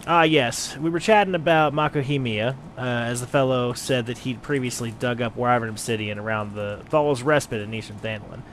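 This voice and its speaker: A man's voice: medium pitch, normal speed, hardly any pauses, fairly bright tone, lightly acted. Man voicing a boastful gladiator, rambling, drifting mock British accent, faint noise behind. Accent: drifting mock British and Southern. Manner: rambling, hearty. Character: boastful male gladiator, mended, eager for glory.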